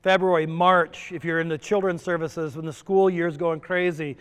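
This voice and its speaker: A middle-aged male presenter gives a conference talk, peppering it with jokes and questions to the audience. His voice sits high and sounds smooth. Long reverb from the resort conference hall trails his words. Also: steady tone, normal speed. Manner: joking, asks the audience questions. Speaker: presenter at a stress summit.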